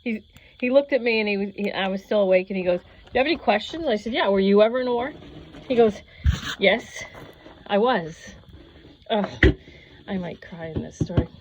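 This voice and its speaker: A woman in her fifties tells a meandering personal story at an easy, everyday pitch. She slips into the voices of the people she quotes. The audio is a bit dull and lo-fi, with a faint hiss behind her. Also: normal speed, pauses often. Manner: rambling, animated, acts out quoted voices. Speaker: yoga channel host.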